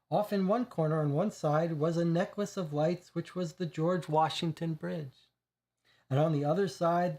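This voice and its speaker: A man's voice: a little high, dark tone. Man reading a crime story aloud. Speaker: game player reading aloud. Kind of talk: reading a crime dossier aloud, then casual commentary.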